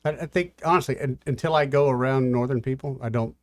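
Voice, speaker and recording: Male co-host, Alabama accent, relaxed banter, dry studio mic. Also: mid-range voice, fast talker, no echo. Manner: laid-back, joking. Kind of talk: casual banter.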